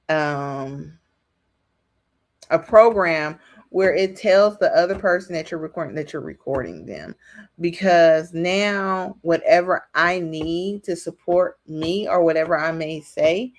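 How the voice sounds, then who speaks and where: A woman talks through reality TV gossip in a casual, rambling way, full of ums and restarts. Her voice sits on the low side, and she takes her time. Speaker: reality TV commentary host. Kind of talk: casual commentary monologue.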